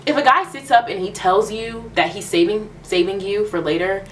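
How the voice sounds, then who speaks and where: A woman's voice: mid-range voice, normal speed, distant mic, a little hiss or hum. A young woman vlogger candidly telling a personal storytime, emphatic and repeating phrases for emphasis. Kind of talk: storytime vlog.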